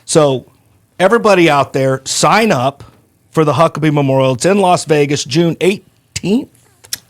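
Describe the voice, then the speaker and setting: A man hosting a podcast, telling stories in a folksy, animated way. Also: fairly high pitch, normal speed. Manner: folksy, animated, acts out quoted voices. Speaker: podcast host. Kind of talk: casual storytelling chat.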